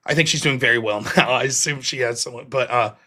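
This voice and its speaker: A man's voice: mid-range voice, fast. A middle-aged American man hosting a livestream, telling stories casually with lots of swearing and laughter. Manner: profane, animated, laughs often. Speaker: livestream host. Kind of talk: casual storytelling.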